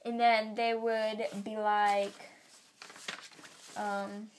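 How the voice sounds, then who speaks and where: A teenage girl vlogging at home into her camera's built-in mic, chatty and full of fillers, drawing her phrases out slowly. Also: medium pitch, flat delivery, slight background noise. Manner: chatty, filler-heavy, drawn-out slow phrasing. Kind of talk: casual vlog, teaching basic Spanish phrases. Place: home, indoors.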